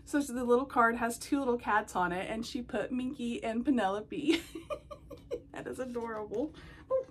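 A woman hosting a casual unboxing vlog at home, gushing and excitable as she talks to her viewers. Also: a little high, normal speed, slight background noise. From United States. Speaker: doll collecting channel host.

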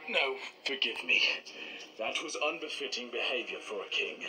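A proud young warrior king from an animated game film, formal and commanding. His pitch swings widely between calm orders and battle cries, with a score playing underneath. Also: normal speed, faint music behind, low-quality recording. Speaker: film character. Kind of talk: animated short film voice acting.

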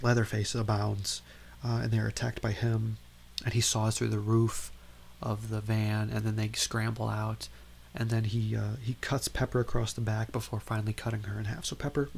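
Guy rambling thru a movie recap, gravelly voice, says like a lot, faint hiss behind. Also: mid-range voice. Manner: rambling, lots of "like" and "um". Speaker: film podcast host.

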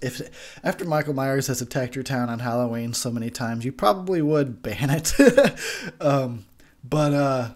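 A young man giving a tipsy, profane movie commentary, rambling and laughing at his own jokes. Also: medium pitch. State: tipsy from beer.

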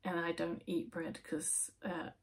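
A woman giving a casual, chatty tarot reading, with many fillers and soft, near-whispered asides. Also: lowish voice, flat delivery, unhurried, vocal fry, slightly rough. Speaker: tarot reader.

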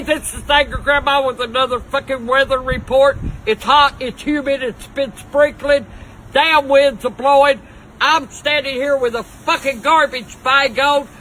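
Cranky older woman, sharp-voiced. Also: sits high, slight background noise, poor audio. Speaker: comedy vlogger doing mock news and weather reports. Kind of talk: profane comic rant to camera. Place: outdoors on a balcony.

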